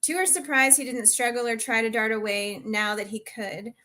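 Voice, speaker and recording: A woman author reads a passage from her own novel aloud, steadily, fixing a word here and there as she goes. Her voice is fairly high and clearly bright. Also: fairly even intonation, normal speed. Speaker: guest author.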